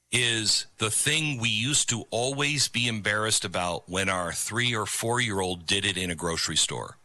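A man's voice: on the low side, bright, forceful tone, dry recording. A middle-aged man hosting an opinion commentary show, talking in an emphatic, preachy way about a video clip. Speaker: commentary host.

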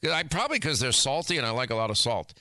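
Male talk radio host, bright and crisp, close dry mic, loose animated storytelling. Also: medium pitch, quick pace, no echo. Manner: rambling, teasing, animated banter with many restarts. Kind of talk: casual on-air storytelling.

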